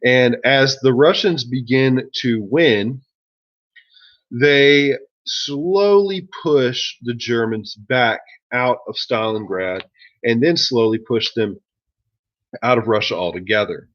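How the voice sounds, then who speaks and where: A man's voice: mid-range voice, slow, a bit bright, dull audio. A man teaching a history class in a casual, joking way, with many ums and uhs. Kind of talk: classroom lecture.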